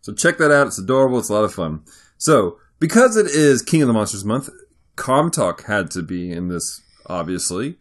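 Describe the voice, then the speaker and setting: A man's voice: lowish voice, very animated, moderate pace. A man co-hosting a podcast in casual, upbeat chat, playful and talkative. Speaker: podcast co-host.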